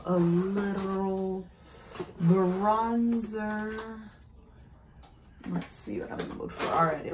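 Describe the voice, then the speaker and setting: Low-voiced woman, chatty makeup vlog. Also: noisy background. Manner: chatty, self-narrating, easily delighted. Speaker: beauty vlogger. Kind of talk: casual makeup unboxing chat.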